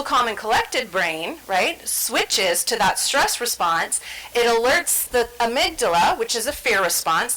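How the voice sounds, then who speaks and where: A woman's voice: on the high side, bright, forceful tone, rough recording. A woman giving an educational talk, explaining ideas conversationally and acting out everyday scenes with quoted inner voices. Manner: conversational, checks in with "right?". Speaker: trainer presenting on stress and the brain.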